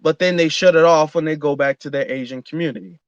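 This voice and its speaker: A man's voice: on the high side, quick pace, clear, resonant tone, dry recording, dull audio. A man hosting an online audio room, talking in an earnest casual monologue with frequent fillers and restarts. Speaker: host.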